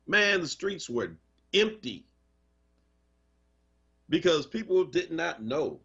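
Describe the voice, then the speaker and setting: Heard over a muffled radio stream, this man hosts live radio talk, reading out listener comments with impassioned, emphatic, conversational delivery. His voice is fairly high, a bit bright, and husky.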